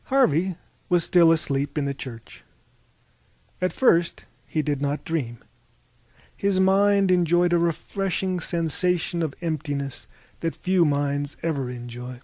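A man narrating a novel as an audiobook, with measured, expressive storytelling. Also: a little high, dry recording.

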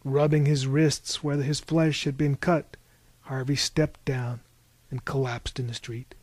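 Slow, measured male storyteller. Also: mid-range voice, level tone, a little mellow, no echo. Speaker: narrator. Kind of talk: scripted audiobook narration.

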